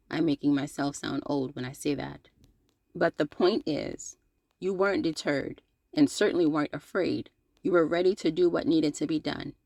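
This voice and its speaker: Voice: mid-range voice, gravelly, no room sound. A channel host reading a scripted open-letter commentary, sarcastic and scolding, with playful slang and direct address.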